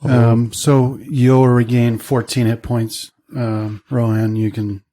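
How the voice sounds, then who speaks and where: A mid-range male voice takes his time as he guides a tabletop game, narrating scenes casually and dropping in frequent fillers.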